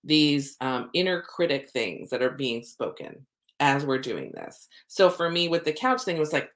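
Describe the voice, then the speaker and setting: A middle-aged woman, a soul coach, talking casually to camera and acting out her own inner thoughts in lively asides. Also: sits low, moderate pace.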